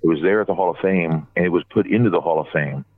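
A man telling a long, rambling story in casual chat, getting animated whenever he quotes other people. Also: deep voice, fast talker. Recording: tinny phone line.

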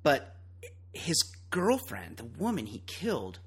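A man's voice: fairly high pitch, huge pitch swings, takes it slowly, slightly rough. A man hosting a podcast, chatting casually and ranting bluntly with plenty of swearing. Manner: blunt, profane, opinionated ranting. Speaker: podcast host. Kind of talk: casual chat.

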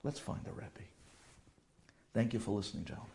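A man telling an emotional personal story in a halting way, dropping to whispers and mixing in Yiddish and Hebrew terms. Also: on the low side, creaky, mellow.

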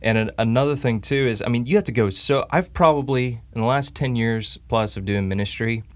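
A man of middle pitch co-hosts a faith podcast, speaking in halting, restarting phrases. His voice is recorded dry and close. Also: no echo. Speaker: minister, co-host. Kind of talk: casual podcast conversation.

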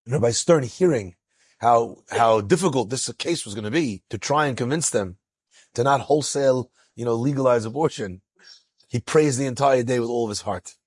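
Husky, animated rabbi telling a story. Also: male voice, mid-range voice, no echo, clean studio sound. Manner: animated, acts out quotes with rising excitement. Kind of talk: storytelling lecture.

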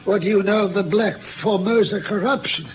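A man's voice: high-pitched, noisy background, natural voice. A man playing Sherlock Holmes, ill and imperious. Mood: cold, cutting. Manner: weak, halting, then sharp and imperious. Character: gravely ill detective, proud and commanding. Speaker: detective. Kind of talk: old radio drama acting. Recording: tinny old radio broadcast with music.

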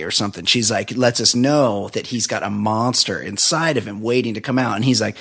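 A man's voice: lowish voice, expressive, a little fast, creaky, few pauses, a bit bright, husky. A man co-hosting a podcast, chatting casually and profanely about a film and laughing often. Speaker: podcast co-host. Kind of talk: casual movie-review chat.

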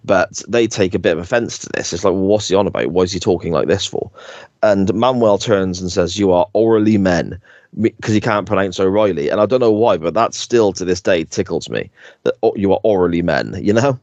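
A man's voice: sits low, fairly quick, a little mellow, dry recording, muffled recording. A man hosting a podcast, rambling through sitcom scenes with hesitant restarts. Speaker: podcast host. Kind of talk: casual chat.

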